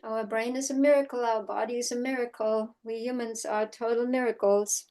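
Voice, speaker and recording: A woman's voice: a little high, moderate pace. Chatty middle-aged woman horse trainer. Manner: chatty storytelling, frequent "right?" tag questions; acts out quotes in animated voices. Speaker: horsemanship instructor. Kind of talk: casual course teaching.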